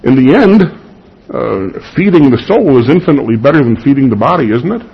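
In a church sanctuary, a pastor preaches with a husky, medium-pitched voice in a brisk, sing-song rhythm that rises to emphatic peaks on key words. He repeatedly turns questions toward the congregation, and the recording sounds muffled and lo-fi.

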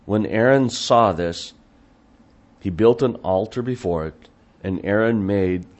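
Slow, low-voiced man teaching a sermon. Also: darkish tone. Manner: conversational, with frequent restarts and asides; reads scripture quotes in a raised, emphatic voice. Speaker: pastor or Bible teacher.

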